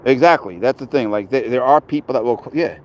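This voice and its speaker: A man's voice: mid-range voice, a little fast, a little mellow, poor audio. A man casually chatting on a livestream about his pet, rambling and blunt, swearing freely as he reads and answers comments outdoors.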